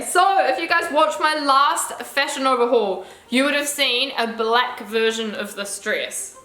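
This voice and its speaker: A woman's voice: sits high, sharp tone, roomy sound. A young woman, chatting casually and gushingly through a clothing try-on haul, swearing now and then. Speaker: fashion vlogger.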